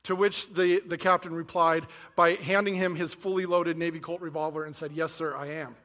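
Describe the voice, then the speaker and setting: A man giving an inspirational speech, casual and energetic, talking directly to his audience. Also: sits high, moderate pace. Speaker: speaker.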